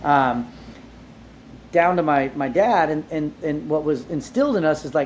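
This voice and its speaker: A man being interviewed, telling his life story in a casual, animated way, with lots of "like" fillers and casual swearing. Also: a little high, normal speed, slight background noise. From Southern California. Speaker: entrepreneur guest.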